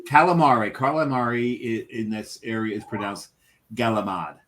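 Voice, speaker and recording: A man's voice: medium pitch, fairly quick, fairly bright tone, a little hiss or hum. A man co-hosting a podcast in casual chat, teasing and joking with his co-host.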